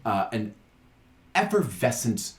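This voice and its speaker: A man's voice: lowish voice, very animated, slow pace, echoey room. A man narrating as game master in a tabletop game, chatty and full of fillers and repeated words, over a video call.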